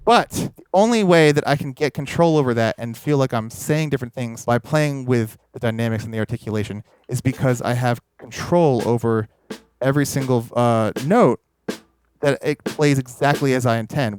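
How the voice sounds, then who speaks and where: A man teaching drum technique in a casual, explanatory way, pausing to demonstrate strokes as he talks. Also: medium pitch, darkish tone, soft background music. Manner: explanatory, demonstrating while talking. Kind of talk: instructional video. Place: recording studio with drum kit. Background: drum playing.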